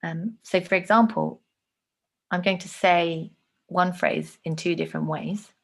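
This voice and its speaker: A woman teaching an online lesson, explaining clearly and showing examples with her own voice. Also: lowish voice, steady tone, measured pace.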